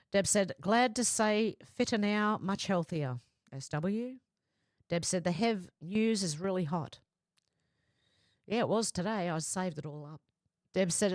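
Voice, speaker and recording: A woman's voice: on the low side, a little mellow, no room sound, studio quality. A woman hosting a livestream in casual chat, reading viewer comments aloud and answering them, often laughing. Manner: reads comments aloud and chats back, often breaking into laughter.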